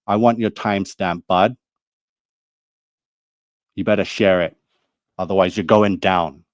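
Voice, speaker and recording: A man's voice: low voice, fairly even intonation, unhurried, no echo. A man delivering a heated, accusing monologue to his video audience, repeating himself as he lays out his grievances. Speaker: video creator. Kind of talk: angry monologue to camera.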